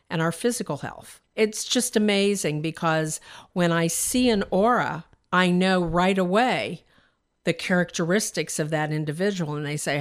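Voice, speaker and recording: A woman guest explains her work on a talk show, confident and earnest. Her voice sits low for a woman. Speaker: aura reader guest. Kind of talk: interview explaining.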